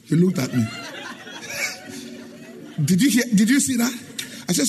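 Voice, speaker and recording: High, lively preaching man. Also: unhurried, pauses often, faint music behind, some chatter behind. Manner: emphatic preaching, sing-song rises, asks the congregation questions; acts out dialogue in his stories. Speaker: pastor. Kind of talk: sermon.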